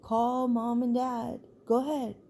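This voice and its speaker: A grown brother talks in a breezy, blunt way, as a woman quotes him in her story. The voice stays dark and mellow, with nothing put on. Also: mid-range voice, animated, brisk, a little hiss or hum, natural voice. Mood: insistent. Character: casual adult brother, flippant and offhand.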